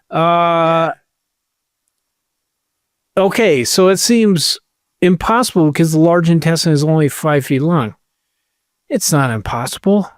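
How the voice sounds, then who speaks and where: A young man co-hosting a podcast, reading out odd facts and adding deadpan jokes. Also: fairly high pitch, no echo, studio quality. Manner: reads facts aloud, deadpan asides. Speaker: podcast co-host. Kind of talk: casual comedic chat.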